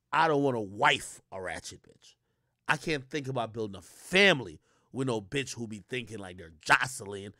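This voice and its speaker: Animated swearing man ranting on stream. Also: no room sound, studio quality. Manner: animated, swearing, voice jumps high for emphasis. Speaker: streamer and rap commentator. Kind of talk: casual streaming rant.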